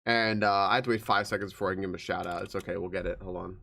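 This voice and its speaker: A man's voice: deep voice, fairly even intonation, rapid-fire, gravelly, sharp tone. A man streaming live, chatting casually and greeting viewers by name, with frequent swearing. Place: home streaming room.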